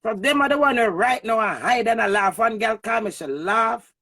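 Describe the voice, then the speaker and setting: A woman with a Jamaican accent giving a heated, emphatic livestream rant to her viewers, swinging from loud bursts to low mutters. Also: normal speed. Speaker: online personality.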